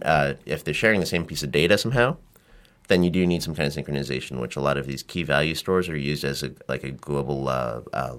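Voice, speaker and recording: Male co-host, very deep voice, halting, slight cold. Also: fairly bright tone. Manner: halting, many fillers. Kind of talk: casual tech talk show chat.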